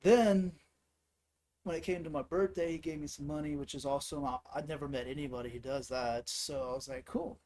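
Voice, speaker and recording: A man's voice: on the high side, steady tone, a little fast, darkish tone, slight background noise. A man hosting his own channel, telling rambling comic stories in a casual way, laughing at his own jokes. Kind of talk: casual comedic storytelling.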